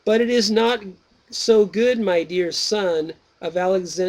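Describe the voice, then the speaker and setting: A man voicing the philosopher Socrates, reading his questions slowly and deliberately. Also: high voice, voice pushed up. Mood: probing. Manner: slow, measured, drawn-out reading. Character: Socrates, old male Greek philosopher, patient questioner.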